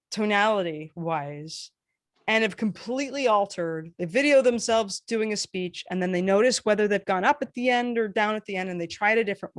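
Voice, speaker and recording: Woman running a chill workshop, lively and playful, dry close sound. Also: medium pitch, dry recording. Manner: animated, playful asides, demonstrates intonation. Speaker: workshop facilitator. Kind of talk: casual online workshop teaching.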